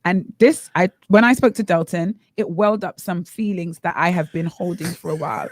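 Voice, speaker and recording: A woman's voice: lowish voice, moderate pace, dry recording. A woman from the Bahamas co-hosting a radio talk show, opining with emphatic rhetorical questions in casual chat. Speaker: radio co-host. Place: radio studio.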